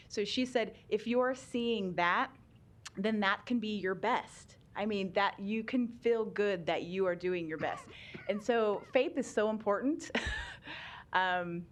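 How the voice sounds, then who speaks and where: A middle-aged woman in a legislative hearing, explaining special education rules in a chatty way with frequent laughs and fillers. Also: medium pitch. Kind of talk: conversational testimony.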